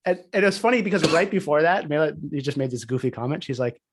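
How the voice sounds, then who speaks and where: A man's voice: on the high side, quick pace. A man on a podcast, telling a personal story in casual chat, full of "like" fillers. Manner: animated storytelling, many "like" fillers. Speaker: podcast co-host.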